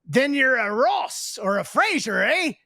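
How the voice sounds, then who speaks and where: A man voicing a drunk, boisterous Scottish man with a put-on Scottish accent, loud and exclaiming. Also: very high-pitched, very animated, unhurried, vocal fry, no echo, studio quality, pitched above the performer's own voice, exaggerated voice.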